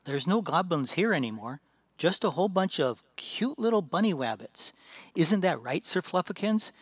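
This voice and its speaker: A man's voice: sits high, sing-song, moderate pace, husky, dry recording, pitched above the performer's own voice, exaggerated voice. A man voicing a sweet young girl who talks in a childish, cooing baby-talk manner, for a storybook reading. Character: sweet girlish young female mage.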